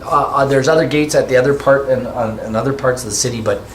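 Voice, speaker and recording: A man's voice: mid-range voice, quick pace, slight background noise. A man running a tabletop game as game master, rambling and restarting his descriptions. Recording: echoey room with faint music.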